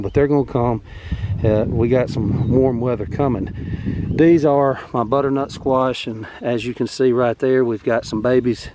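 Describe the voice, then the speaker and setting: Easygoing farmer, mellow voice. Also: male voice, medium pitch, muffled recording, a little hiss or hum. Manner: rambling, easygoing, many fillers. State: out of breath. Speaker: farm vlogger. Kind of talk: casual garden walkthrough. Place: outdoor vegetable garden.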